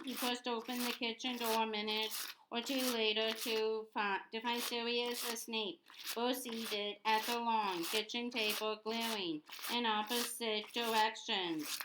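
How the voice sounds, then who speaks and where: Woman reading a book out loud real slow, keeps restarting, noisy room. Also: on the high side. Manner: halting, many restarts and repeated words. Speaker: audiobook reader. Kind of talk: reading a novel aloud.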